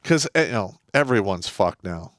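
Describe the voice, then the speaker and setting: A man co-hosting a live stream, giving measured, earnest opinions with filler restarts while having a drink. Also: on the low side, big pitch swings, a bit bright, no echo, studio quality. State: drinking beer. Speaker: co-host. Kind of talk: casual live-stream commentary.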